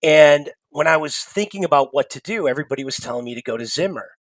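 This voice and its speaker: A middle-aged man, a sales executive, telling stories as an interview guest, animated, with frequent restarts. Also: on the high side, quick pace, no room sound. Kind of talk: casual storytelling interview.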